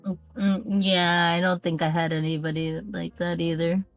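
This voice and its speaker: A woman's voice: lowish voice, moderate pace. Young woman guest, hypes stuff up, slangy and swears, faint music in the back. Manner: excitable, slangy, profane. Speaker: podcast guest. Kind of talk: casual chat.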